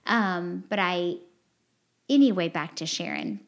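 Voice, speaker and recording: A woman's voice: fairly low pitch, animated, takes it slowly. Earnest, rambling woman podcast host. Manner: earnest, rambling, heartfelt, with frequent fillers. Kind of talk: candid confessional podcast chat.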